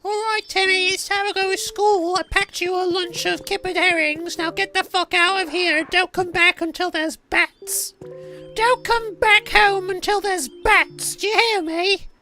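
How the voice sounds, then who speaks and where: A man putting on a high falsetto as a stereotypical older working-class British mum with a put-on British working-class accent, bossy and shouting at her child, over background music. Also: steady tone, unhurried, full character voice. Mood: bossy, shrill.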